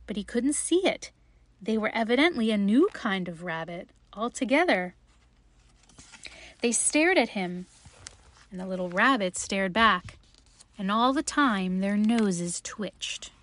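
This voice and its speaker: A woman reading a children's story aloud in a gentle, unhurried way. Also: medium pitch, lively intonation.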